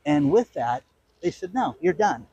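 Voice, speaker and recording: A man's voice: a little high, sing-song, a little slow, warm tone, husky, dry recording, muffled recording. A man in a played social media clip, telling a story in a preachy, lecturing tone.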